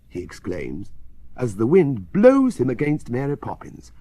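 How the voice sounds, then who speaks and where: A man reading a children's story aloud in a very expressive, sing-song way. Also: mid-range voice, a little slow, no room sound. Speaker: reader.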